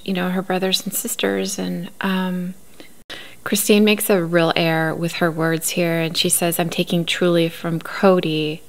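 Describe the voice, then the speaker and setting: A woman recapping a reality show in casual, opinionated commentary, laughing often. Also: medium pitch. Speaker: recap host.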